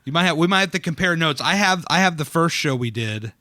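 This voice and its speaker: A man's voice: on the high side, expressive, quick pace, sharp tone, dry recording, clean studio sound. A man, hosting a casual podcast chat, rambling and self-deprecating with frequent laughs. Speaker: podcast host. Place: dining room.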